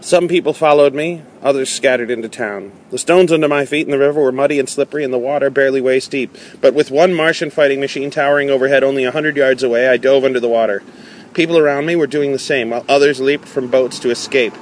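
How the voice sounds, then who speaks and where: A man reads a novel aloud at a measured pace, now and then stumbling and restarting a phrase. His voice sits at an ordinary middle pitch. Faint traffic and street sounds linger in the background. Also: steady tone. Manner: measured, with small slips and restarts. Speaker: audiobook reader.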